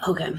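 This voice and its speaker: A woman tells her story in a casual vlog with a lowish voice. She talks slowly and haltingly, trailing off into fillers, and sounds upset and blunt, swearing freely. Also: gravelly. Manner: many fillers and trailing pauses. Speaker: mother telling her story.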